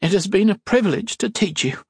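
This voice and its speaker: A man voicing a kind, tearful older housekeeper woman, speaking softly and gently. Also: high voice, animated, brisk, slightly rough, no room sound, clean studio sound, pitched above the performer's own voice, exaggerated voice. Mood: tender. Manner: soft, gentle, near whisper.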